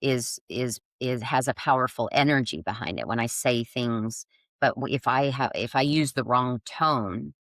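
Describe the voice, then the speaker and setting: With a very deep yet fairly bright voice, this middle-aged podcast guest speaks at a moderate pace in a dry recording. She teaches yoga and somatic healing, and in casual conversation she sounds reflective and searching, frequently starting her sentences over.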